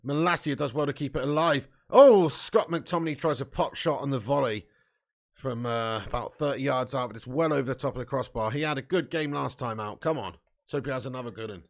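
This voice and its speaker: A man hosting a live football watch-along, commenting on play, cheering loudly and chatting casually with viewers. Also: medium pitch, brisk. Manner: excitable, bursts into loud cheering, swears freely, chats to viewers. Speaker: fan watch-along host.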